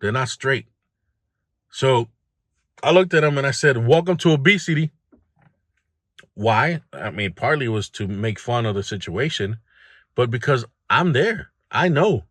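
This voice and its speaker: A man's voice: medium pitch, expressive, a little slow, a bit bright, no echo. Blunt, plain-spoken man with a dry sound. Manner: blunt, plain-spoken, addresses the viewer directly; confessional, speaks about his own struggles. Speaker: host of a self-improvement video series. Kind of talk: candid motivational monologue.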